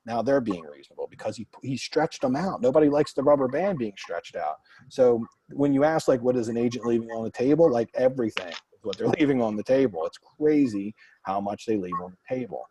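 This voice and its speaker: Fast-talking man, blunt and animated. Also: mid-range voice, slightly rough, no room sound, low-quality recording. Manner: fast, blunt, animated storytelling with quoted dialogue. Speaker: real estate investor and mastermind host. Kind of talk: casual group Q&A coaching.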